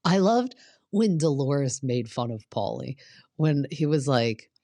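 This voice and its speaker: A woman's voice: extremely low pitch, very animated, slow, mellow, dry recording, clean studio sound. A woman hosting a podcast, chatting casually through a reality TV recap and filling her talk with "like". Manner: chatty, peppered with "like". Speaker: podcast host.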